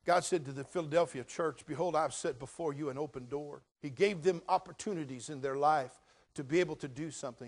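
High-voiced older man preaching loudly. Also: fairly quick. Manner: swings from quiet asides to loud emphatic preaching; folksy, jokey, addresses crowd as brother. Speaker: pastor. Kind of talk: sermon.

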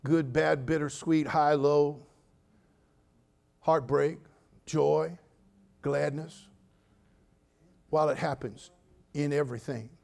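An older man preaching a sermon as pastor, telling funny stories with sudden loud outbursts, then speaking more quietly and earnestly. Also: a little high, slow, gravelly, pauses often. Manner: humorous, animated storytelling with sudden loud outbursts. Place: church.

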